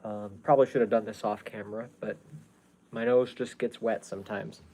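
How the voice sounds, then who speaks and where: A man's voice: lowish voice, steady tone, brisk, a little mellow. A man hosting a casual livestream from home, rambling to his viewers with many fillers and restarts. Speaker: YouTube livestream host.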